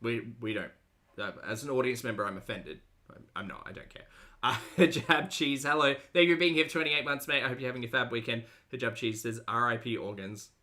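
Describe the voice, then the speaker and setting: A woman's voice: rumbling low, fairly quick, pushed and bright. A woman hosting a livestream reaction show, chatty and sarcastic as she reads out chat messages. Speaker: reaction channel host.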